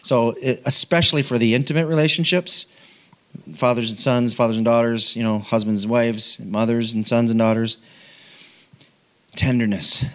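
Middle-aged man, pastor, personal story sermon, self-mocking, laughs a lot, restarts sentences, mid pitch. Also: fairly even intonation, moderate pace, a bit bright.

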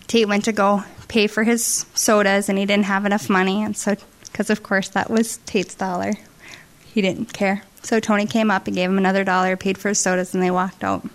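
A woman's voice: mid-range voice, flat delivery, a little fast. A middle-aged woman telling an earnest, emotional testimony story to a congregation at a church service. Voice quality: earnest, emotional, with restarts and soft asides.

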